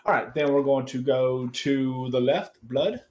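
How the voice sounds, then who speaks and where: An easygoing man acts as game master, with a mid-pitched voice and a quick laugh. His audio comes through slightly muffled, like an online call. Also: a little mellow. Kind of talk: casual tabletop game hosting.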